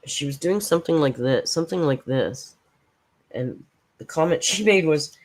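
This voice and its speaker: A woman's voice: deep voice, lively intonation, moderate pace. A woman hosting a reaction channel, giving blunt, sarcastic casual commentary and swearing freely.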